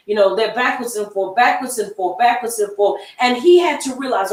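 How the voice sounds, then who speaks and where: A woman with a fairly high voice leads a Bible study class, chatting in a folksy way and acting out the people she quotes. The room is echoey, and she sits some distance from the microphone. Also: fairly quick, hardly any pauses. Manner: conversational, folksy, repeats herself and acts out quoted voices.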